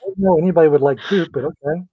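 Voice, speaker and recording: A co-host in their thirties, joking and teasing in relaxed casual chat on a live stream. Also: medium pitch, racing, slightly rough, no echo. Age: 30s. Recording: dry, dull, lo-fi stream audio.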